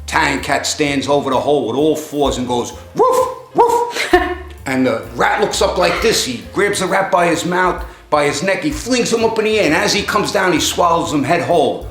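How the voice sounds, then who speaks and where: A man's voice: on the high side, brisk, hardly any pauses, a bit bright, echoey room, soft background music. A man telling jokes in a rambling, conversational way, raising his voice to act out the characters. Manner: rambling storyteller, acts out characters in raised voice. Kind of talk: joke telling.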